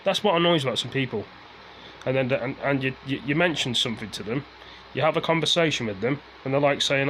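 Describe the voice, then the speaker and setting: A man venting into the camera in a loose, rambling rant. His voice sits at an ordinary middle pitch, and he circles back to the same points, swearing as his frustration builds. A faint hum of background noise sits behind him. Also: quick pace, fairly bright tone, low-quality recording. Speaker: vlogger. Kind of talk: casual ranting to camera.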